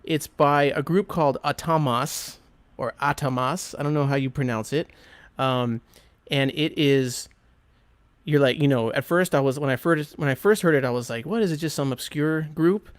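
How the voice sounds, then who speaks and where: A man's voice: mid-range voice, normal speed, clear, resonant tone, dry recording. A man hosting a music podcast, chatting with enthusiasm and plenty of fillers as he introduces records. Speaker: podcast host and record selector. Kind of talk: casual chat.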